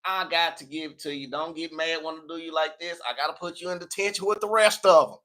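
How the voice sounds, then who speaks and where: A Southern-accented man from Tennessee reads tarot during a live chat, his manner playful yet preachy and scolding. His voice is fairly high and quick, bright and pushed, with fairly even intonation.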